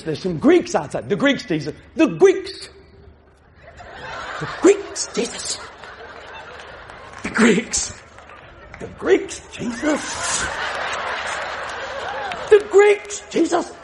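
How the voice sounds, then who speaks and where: A man voicing an excited male apostle who eagerly pleads and keeps repeating himself. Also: very high-pitched, takes it slowly, vocal fry, long pauses, slight background noise, voice pushed up, exaggerated voice. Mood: eager pleading.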